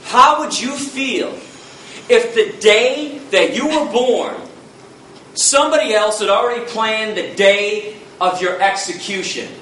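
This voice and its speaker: A man's voice: sits high, slow pace, sharp tone, a little hiss or hum. A man from the United States giving a passionate public lecture, blunt, fiery and confrontational, heard from far off in an echoey hall.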